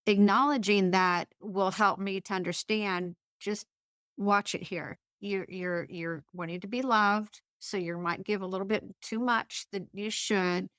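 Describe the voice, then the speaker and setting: A woman's voice: medium pitch, steady tone, measured pace, a bit bright, clean tone, no room sound, studio quality. A woman talking as an interview guest, telling personal stories in a chatty way with frequent restarts and fillers. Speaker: guest, author. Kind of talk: casual conversational interview.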